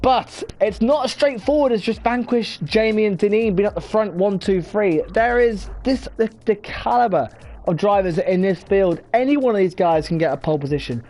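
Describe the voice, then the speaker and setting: A man leading an online sim racing commentary, energetic and building up the excitement, with quick self-corrections. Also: high voice. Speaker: lead commentator.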